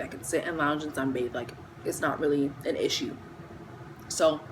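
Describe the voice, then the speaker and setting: A young woman telling a casual storytime, chatty and animated, acting out the people she quotes. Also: low-pitched, slight background noise, low-quality recording. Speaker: vlogger.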